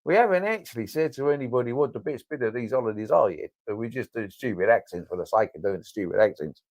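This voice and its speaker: A man's voice: mid-range voice, expressive, fast talker, a little mellow. A middle-aged man improvising comedy banter as co-host, jokey and pushing the bit along. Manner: jokey, steers the bit along, repeats words for laughs. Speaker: podcast co-host.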